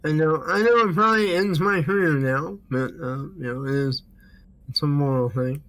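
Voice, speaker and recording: A man's voice: a little high, steady tone, normal speed, fairly bright tone. A man playing in an online tabletop game, joking in character and laughing at himself. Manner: laughs at his own jokes. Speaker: player.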